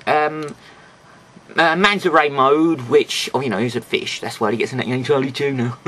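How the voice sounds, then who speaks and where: A man's voice: on the high side, fairly bright tone. A man with a slightly stuffy, nasal voice, chatting casually through a toy review with rambling, jokey asides.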